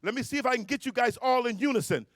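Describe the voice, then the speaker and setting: High-pitched man hyping a crowd. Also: rapid-fire, no echo. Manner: energetic, hyping up the crowd, counting off and shouting; slangy and playful. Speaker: motivational speaker at a youth conference. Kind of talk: motivational speech with call-and-response. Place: hotel ballroom at a live event.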